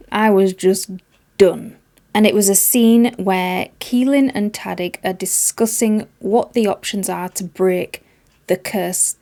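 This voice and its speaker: A woman's voice: mid-range voice, darkish tone. A woman giving a casual spoken book review, emphatic and exasperated, repeating words for stress.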